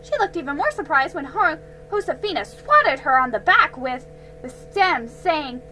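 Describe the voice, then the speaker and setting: A woman reading a children's storybook aloud, slow and careful, with small slips she corrects. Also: high voice, very animated, over music, low-quality recording.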